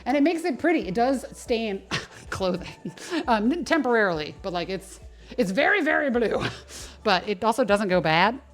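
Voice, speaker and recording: A young woman chats on a livestream from the gym, rambling along with plenty of fillers and restarts. She sounds a little worn out between sets, and soft music plays faintly behind her. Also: on the high side, very animated, moderate pace. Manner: chatty, rambling, lots of fillers and self-corrections. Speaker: personal trainer and nutrition coach. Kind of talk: casual livestream chat while working out.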